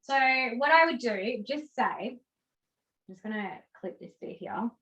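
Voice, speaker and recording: An Australian woman talking through a braiding technique in a loose, chatty way as she works on a mannequin. Her voice sits a little high and she keeps things casual. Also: unhurried, muffled recording. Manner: chatty and animated, demonstrating on a mannequin. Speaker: braiding teacher. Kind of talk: casual hair braiding tutorial on a video call.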